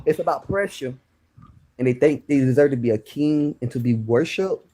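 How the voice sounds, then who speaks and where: A man's voice: mid-range voice, lively intonation, moderate pace, mellow. A man calling in to a live stream, talking casually and brushing points aside. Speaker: caller.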